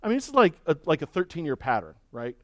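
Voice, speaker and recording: A man's voice: on the high side, big pitch swings, fast, fairly bright tone, no echo, clean studio sound. A man preaching a sermon as pastor, emphatic and folksy, leaning on rhetorical questions and repeated words.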